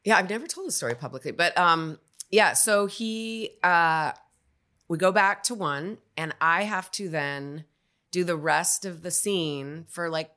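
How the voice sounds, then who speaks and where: A woman, an actor guest on a podcast, telling a candid, animated story in casual conversation. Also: on the low side, a little slow.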